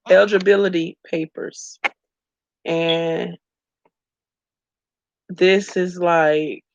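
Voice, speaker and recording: A woman records a candid, emotional vlog, tearful and addressing her viewers as y'all. Her voice carries a gravelly edge. The recording is dry and a bit dull, as if made on a phone in a small room. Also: lowish voice, dry recording. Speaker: vlogger.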